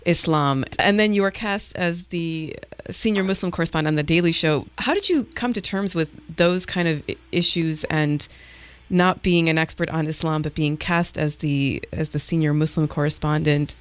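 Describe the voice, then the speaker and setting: An interviewer with a middle-pitched voice poses long questions to a guest. The speech is measured and conversational, pausing now and then to find the right phrasing.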